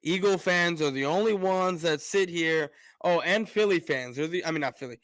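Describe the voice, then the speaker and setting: A man's voice: fairly high pitch, normal speed, fairly bright tone, no echo. A man ranting on a casual sports live stream, fired up, repeating words and restarting his sentences often.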